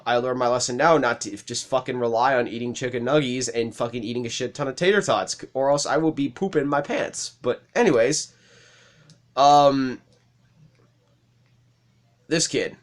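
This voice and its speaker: A young man hosting a let's play, casually telling rambling stories with lots of swearing and laughter. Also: mid-range voice. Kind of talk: casual storytelling over gameplay.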